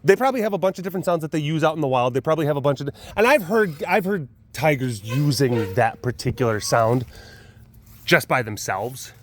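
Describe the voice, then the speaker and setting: A man's voice: on the high side, expressive, fairly quick, a little hiss or hum. A man who hosts a big cat facility's webcast, talking casually and in a rambling way outdoors, restarting his sentences and laughing often. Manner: chatty and meandering, many restarts, laughs often, now and then mimics animal sounds. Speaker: big cat sanctuary keeper and webcast host. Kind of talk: casual rambling talk to camera. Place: outdoors at a wild animal facility.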